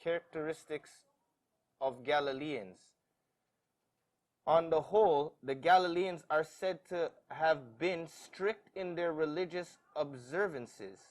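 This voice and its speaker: A man reading passages aloud in a church Bible study, haltingly, stumbling over words. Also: a little high.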